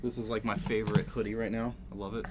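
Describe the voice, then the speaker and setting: A man co-hosting a game livestream, quiet and soft-spoken, chatting casually. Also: on the low side, flat delivery, fast, noisy background. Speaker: stream co-host.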